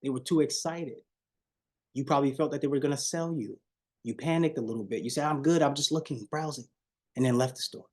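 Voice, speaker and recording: A man's voice: medium pitch, quick pace, a little mellow. A man with leading a live online sales coaching call, preachy and repetitive, often addressing the audience as y'all and shifting his tone on purpose.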